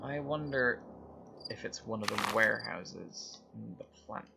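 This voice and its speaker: A man's voice: lowish voice, a little slow, gravelly, very noisy. A man giving casual, dry, wry commentary while playing a video game, easily exasperated. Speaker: let's play commentator. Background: loud game music.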